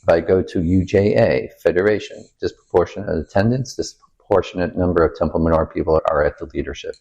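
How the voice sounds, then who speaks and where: An older man, a rabbi, telling stories in a relaxed interview, quoting people and asking rhetorical questions. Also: low voice, fast talker, gravelly, lo-fi sound. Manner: animated anecdote-teller who quotes people and asks rhetorical questions. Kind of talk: storytelling in a casual interview.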